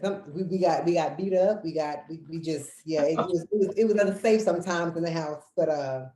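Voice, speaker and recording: Woman, podcast host, low voice, casual family chat, echoey room. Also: fairly quick. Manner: animated storyteller who acts out quotes.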